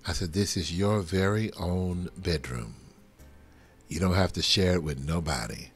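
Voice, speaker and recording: A man leading a live prophetic prayer over a livestream, fervent and swinging from soft murmurs to loud exclamations. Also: deep voice, a little slow, breathy edge, faint music behind. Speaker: pastor. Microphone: livestream webcam.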